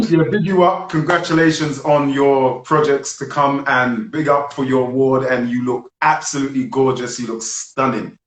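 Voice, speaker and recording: A man hosting a live film review chat, speaking in a preachy, animated way. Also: mid-range voice, moderate pace, echoey room, low-quality recording. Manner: preachy and animated, leads call-and-response chants. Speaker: host.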